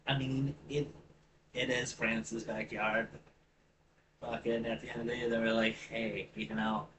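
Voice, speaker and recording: A man's voice: medium pitch, flat delivery, measured pace. A man reading a history article aloud, tripping over words, rereading them, and breaking off into casual, profane asides. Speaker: channel host. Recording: distant mic with clear background noise.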